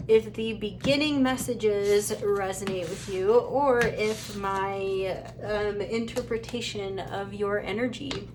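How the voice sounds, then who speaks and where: A woman's voice: medium pitch, background noise. A woman giving a casual pick-a-card tarot reading, chatty and giggly, talking to the viewers as she pulls cards. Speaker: tarot reader.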